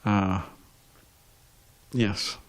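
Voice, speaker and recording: Low-voiced man giving a scripture class. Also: flat delivery, very slow, clear, resonant tone. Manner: chatty, with laughs and restarts. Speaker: class speaker.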